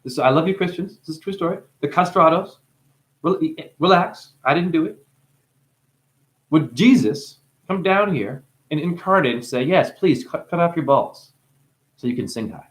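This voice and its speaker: A man in a rambling spiritual monologue, free-associating through wordplay and profanity, dropping to hushed asides and breaking into crooning. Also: fairly high pitch, animated, moderate pace. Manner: profane, teasing. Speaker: spiritual talker.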